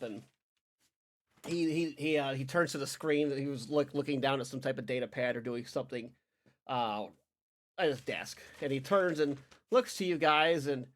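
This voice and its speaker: A man narrating as game master of a tabletop game, rambling with many restarts. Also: medium pitch.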